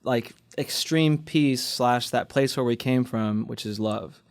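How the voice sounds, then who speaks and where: A man's voice: medium pitch, takes it slowly, clean tone. A young man hosting a podcast, talking casually and reflectively with short supportive affirmations. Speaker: podcast host.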